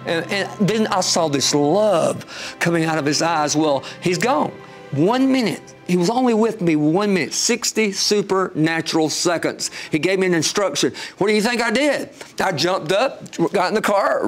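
Fervent, high-voiced man telling a testimony. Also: moderate pace, soft background music. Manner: fervent, swings high when excited. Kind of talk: emotional storytelling.

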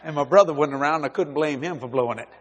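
Animated storytelling preacher, slightly high voice. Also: male voice, fast, long reverb tail. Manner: animated, acts out dialogue, laughs often. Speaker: preacher, head of a ministry. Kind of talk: storytelling sermon.

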